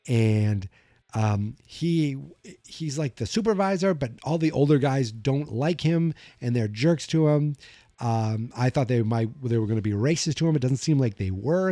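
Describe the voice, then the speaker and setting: A man talking casually into a podcast mic, retelling a movie scene by scene. His voice is mellow and dark, and the sound is very dry and close. He rambles and corrects himself as he goes. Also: mid-range voice, no room sound. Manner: rambling, self-correcting, acts out quotes. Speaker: podcast host.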